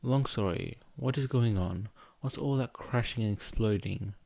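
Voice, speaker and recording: Hurt, puzzled companion in an audiobook, read by a man, quiet, slow delivery. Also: lowish voice, vocal fry, dry recording. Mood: confused. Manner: puzzled questioning. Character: injured, confused companion.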